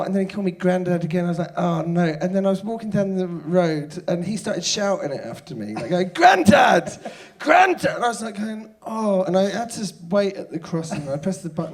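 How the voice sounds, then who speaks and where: A man's voice: sits high, dark tone. A man in his thirties telling a rambling, self-deprecating comic story as a podcast guest, swearing freely. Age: 30s. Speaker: comedian guest.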